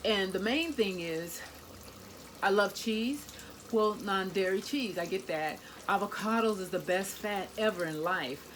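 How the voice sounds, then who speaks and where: A woman's voice: mid-range voice, measured pace, a bit bright, slight background noise. A woman, chatting with her viewers while she cooks in her home kitchen. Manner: chatty, talks to viewers as "y'all" and "guys". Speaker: cooking vlogger. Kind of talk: casual kitchen vlog.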